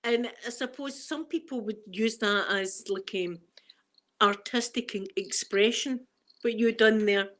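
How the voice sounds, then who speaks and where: A middle-aged Scottish woman talks loosely on a live stream, answering the chat and breaking into laughter often. Her voice sits a little high for a woman. She rambles in a relaxed, unscripted way. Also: measured pace. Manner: chatty, laughs often, reads chat aloud. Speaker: ASMR streamer.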